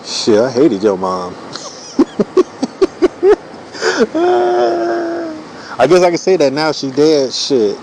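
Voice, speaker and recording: A man's voice: mid-range voice, sing-song, normal speed, few pauses, darkish tone, a little hiss or hum, poor audio. A man in his forties riffing through a loose, profane comedic monologue while he draws cartoons, full of "you know" fillers. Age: 40s. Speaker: streamer drawing cartoons.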